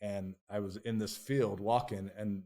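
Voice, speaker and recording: A man with a fairly low-pitched voice, a guest on an interview podcast, recounting his own story. He talks in a raw, emotional way, swears freely and restarts his sentences often. He also voices his past thoughts as quoted self-talk. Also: steady tone, measured pace, warm tone. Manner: raw, profane and emotional, with many restarts and repeated phrases.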